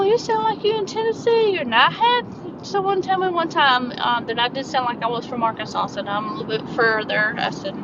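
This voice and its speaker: A middle-aged Southern woman from upstate South Carolina, who vlogs about diamond painting, rambles casually while crafting, full of ums and restarts. Her voice is at an ordinary pitch, caught by a distant mic. The sound is muffled and lo-fi, with clear background noise underneath.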